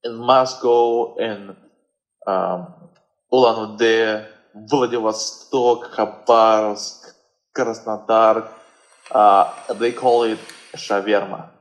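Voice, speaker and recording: A man's voice: on the low side, fairly even intonation, extremely slow, poor audio. A man with a Russian accent, a guest in a casual chat, who hesitates and searches for English words.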